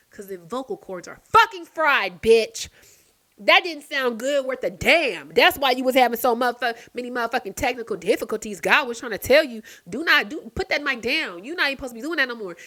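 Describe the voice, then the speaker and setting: A woman's voice: on the high side, fast talker, no room sound. Profane woman ranting late-night chat. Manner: profane, animated ranting with sudden loud outbursts. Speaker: vlogger.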